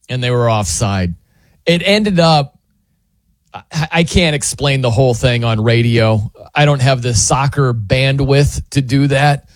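Speaking slowly in a medium-pitched voice, a man hosting a sports radio program delivers a casual monologue, jokingly narrating a story and performing people's lines. The sound is clean studio audio without any room sound.

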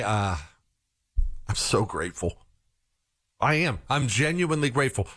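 Sarcastic radio guy doing his monologue, voice bouncing all over the place, riffing and mocking. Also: fairly low pitch. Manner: sarcastic, mocking, animated storytelling. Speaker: radio show host.

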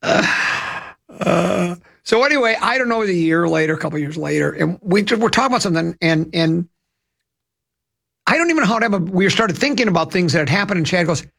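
A man's voice: high voice, expressive, fast, vocal fry, fairly bright tone. A man hosting a radio talk show, telling rambling, chatty anecdotes into a studio microphone. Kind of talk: casual radio storytelling.

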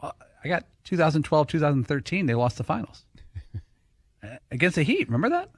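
A man on a radio show crew, chiming in with quick, chuckling banter. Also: fairly high pitch, big pitch swings, husky, dry recording, clean studio sound.

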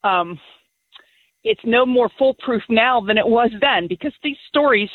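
A woman calling in to a radio talk show, firm and heartfelt, speaking deliberately. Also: fairly high pitch, breathy edge, no echo. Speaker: caller. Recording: tinny phone line.

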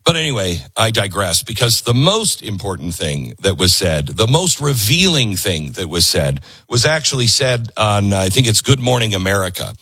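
A man's voice: lowish voice, very animated, normal speed, hardly any pauses, pushed and bright, breathy edge, no echo. A man hosting a political commentary show, talking in a sarcastic, mocking way with lots of asides.

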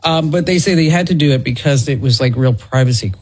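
A woman's voice: a bass voice, quick pace, darkish tone, husky. A woman hosting a tech radio show, chatting casually and upbeat, laughing often. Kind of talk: casual on-air banter.

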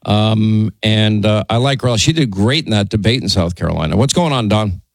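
A man's voice: fairly low pitch, moderate pace, vocal fry, no echo, poor audio. Brief: male radio host taking calls, chatty with many stammered restarts, dry close studio mic. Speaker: radio talk show host. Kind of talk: call-in radio talk and ad read.

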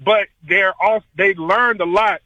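Man calling in, playful and chatty, bright high voice. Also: fairly even intonation, dry recording, dull audio. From Memphis, US South. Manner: chatty, playful, fast-talking. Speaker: caller. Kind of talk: call-in radio chat.

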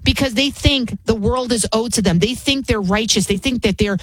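A woman's voice: a little high, normal speed, breathy edge, poor audio. A woman hosting a political opinion show, scornful and heated. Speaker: political commentary host. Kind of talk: opinion commentary.

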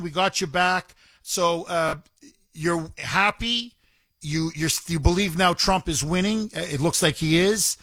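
A man with a high voice hosts a call-in talk radio show, pressing his points hard and repeating words for stress. His voice sits close and dry on the studio mic, with no room sound around it. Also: bright, forceful tone, no echo.

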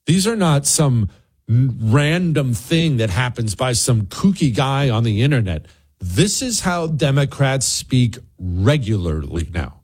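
A man's voice: mid-range voice, big pitch swings, a little slow, darkish tone, breathy edge. Ranting male political talk host. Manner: ranting, indignant. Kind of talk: political commentary monologue.

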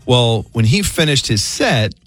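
A man's voice: medium pitch, sing-song, measured pace, fairly bright tone, faint music behind. A middle-aged man hosting a morning radio show, chatting loosely and telling a story with frequent fillers. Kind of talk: casual morning radio banter.

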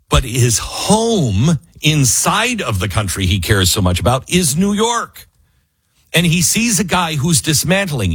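A man's voice: a little high, a bit bright, husky, dry recording. A man hosting a talk radio show, delivering an opinionated monologue and live ad reads, often mocking people with put-on quotes.

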